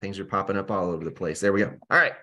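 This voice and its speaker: A man's voice: low voice, rapid-fire, sharp tone, muffled recording. Casual man teaching scripture over a video call. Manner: casual, keeps asking "right?". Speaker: Bible study teacher.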